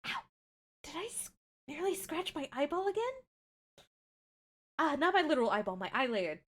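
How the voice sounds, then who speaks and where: A woman's voice: high voice, sing-song, moderate pace, fairly bright tone. A young woman streamer chatting casually, self-deprecating and swearing freely.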